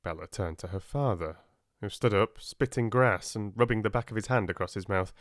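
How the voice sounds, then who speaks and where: A man calmly narrating a relaxing audiobook for sleep, close to the mic. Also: on the low side, brisk, no room sound.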